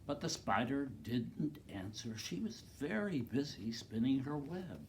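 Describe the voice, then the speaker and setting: Slow, lively man reading to kids. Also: mid-range voice, slight background noise. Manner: expressive, makes loud animal noises; speaks to the children directly, points out pictures. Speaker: teacher reading to second graders. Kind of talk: reading a picture book aloud to children.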